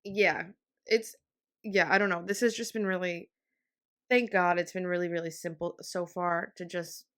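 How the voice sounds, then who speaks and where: A woman's voice: fairly low pitch, level tone, moderate pace, a bit bright. A young woman in her twenties hosting a casual solo podcast, rambling with lots of fillers and laughs, getting emotional. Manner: emotional, on the verge of tears. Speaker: podcast host.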